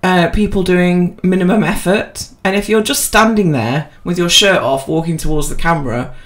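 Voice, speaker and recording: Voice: mid-range voice, normal speed. A podcast co-host chatting casually and rambling, with lots of fillers and restarts, self-deprecating. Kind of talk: casual chat.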